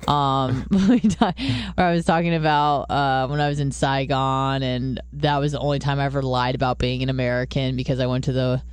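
Woman rambling thru stories, curses a lot, squeaks up into silly quote voices, smooth voice. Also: fairly quick, no echo. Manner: lively storyteller, swears freely, jumps into high-pitched quoted voices. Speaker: podcast co-host. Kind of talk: casual chat.

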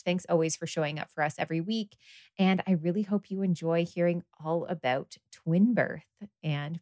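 A woman's voice: fairly low pitch, gravelly, fairly bright tone, no room sound, studio quality. A woman hosting a podcast in casual chat, effusive and laughing often. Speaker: podcast host.

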